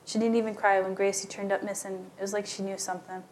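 A woman's voice: medium pitch, little pitch movement, quick pace, a little mellow, a little hiss or hum. A woman narrating a story aloud, lightly giving voice to the characters in plain storytelling. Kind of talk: scripted narration.

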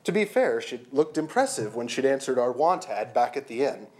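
A narrator reading a comic fantasy audiobook in the first person, with a wry, deadpan delivery. The pitch rises and falls in a lively, animated way, even through the dry asides. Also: normal speed.

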